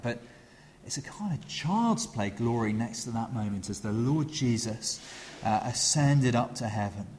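Preacher in a reverberant hall. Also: male voice, mid-range voice, a little hiss or hum. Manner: hesitant, many fillers and restarts, animated when acting out the crowd. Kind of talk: sermon. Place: church. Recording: long reverb of a church hall.

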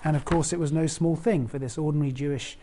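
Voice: medium pitch, fairly even intonation, fast, dark tone. A preacher giving a conversational sermon, explaining a Bible passage and putting direct questions to the congregation.

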